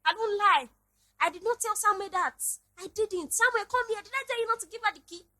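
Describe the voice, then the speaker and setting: Woman doing her nigerian mom, squeaky high and sharp, begging please please, swearing she never said it. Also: brisk. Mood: pleading. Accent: Nigerian English. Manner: high-pitched, insistent, repeating pleas. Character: flustered middle-aged mother pleading innocence.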